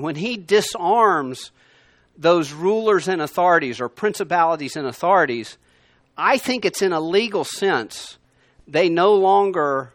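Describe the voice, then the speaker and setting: A man teaching a Bible lesson to a room of listeners, conversational and emphatic, swinging between loud and quiet. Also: fairly high pitch, no echo. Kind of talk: sermon. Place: room with a gathered class.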